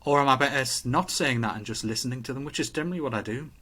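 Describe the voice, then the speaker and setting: A man's voice: mid-range voice, rapid-fire, pushed and bright. A man co-hosting a podcast in casual chat, thinking aloud in a rambling, self-questioning way, full of restarts. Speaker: podcast co-host.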